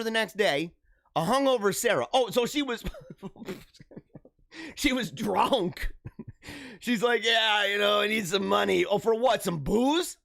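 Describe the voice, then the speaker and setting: Hosting a live show, a man riffs on a news item with jokes, animation, and frequent laughter. His voice sits high, and the recording is dry, clean studio sound.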